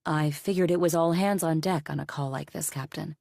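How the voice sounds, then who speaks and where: A woman's voice: sits low, fairly even intonation, brisk, vocal fry, a little mellow, no room sound, clean studio sound. A woman voicing a composed female police detective in an audiobook, polite and conciliatory.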